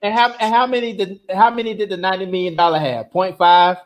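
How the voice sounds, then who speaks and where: A man co-hosting a casual sports chat on a porch, animated and profane, breaking into laughter often. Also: high voice, fast, highs cut off, background noise. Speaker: podcast co-host. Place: porch outdoors. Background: friends talking and laughing.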